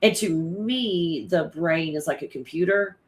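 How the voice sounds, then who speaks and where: An unhurried, medium-pitched livestream host chats loosely with viewers and reads their comments aloud. The talk rambles, with plenty of swearing and frequent laughter.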